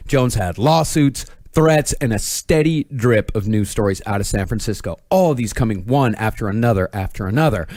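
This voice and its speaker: A man narrates a scripted true-crime story for a podcast. His pitch rises and falls a lot, and he keeps a measured, storytelling pace. The sound is dry and close, with no room echo. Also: lively intonation, a little mellow. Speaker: podcast host telling the story.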